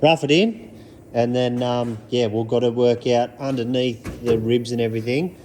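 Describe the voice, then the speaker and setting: Chatty Australian bloke in a workshop. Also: male voice, mid-range voice, steady tone, moderate pace, a little hiss or hum. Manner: upbeat, chatty, laid-back slang, yells playful calls. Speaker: vlogger. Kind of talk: casual chat. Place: panel repair workshop.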